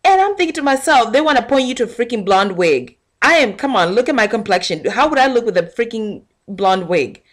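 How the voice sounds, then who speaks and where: A young woman vlogger telling a casual, animated rant to her camera and acting out what people said. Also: on the high side, a little fast, hardly any pauses. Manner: animated storytelling, acting out quotes.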